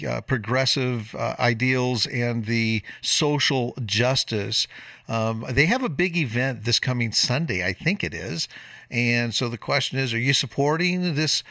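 A male call-in radio host delivers a long, emphatic monologue and wanders into side points. His tone is bright and pushing. The sound is dry and a touch distant from the microphone. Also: mid-range voice, no echo. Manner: lecturing, emphatic, drifts into tangents. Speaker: radio talk show host.

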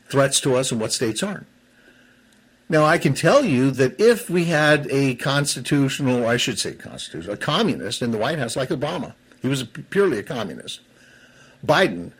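Slightly high and a bit rough, this man's voice carries heated political commentary on a talk show. He keeps tripping over his words and starting sentences again as his anger builds, saying he's seething.

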